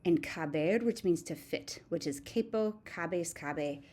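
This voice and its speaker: A woman teaching Spanish speaks at a measured pace through a recorded grammar lesson. She has a mellow, lowish voice and recites verb forms singly, steady and methodical like a patient teacher.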